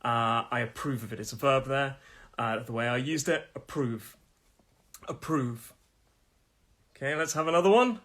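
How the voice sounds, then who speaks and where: A man's voice: medium pitch, a bit bright. Man teaching English pronunciation live. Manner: friendly, repeats words slowly, laughs often. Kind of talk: live-streamed pronunciation lesson.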